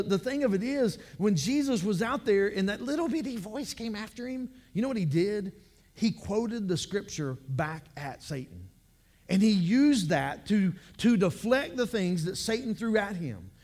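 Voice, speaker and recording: A man's voice: high voice, a little mellow. A man pastor giving a conversational sermon to his church, often repeating words as he builds his points.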